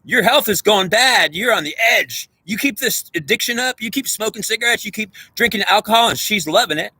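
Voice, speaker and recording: A man's voice: high voice, animated, brisk, bright, forceful tone, slightly rough, dry recording. A man delivering an intense, profane spiritual monologue straight at the viewer, lecturing and repeating himself. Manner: preachy, profane, repetitive, lecturing. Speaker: self-styled spiritual speaker.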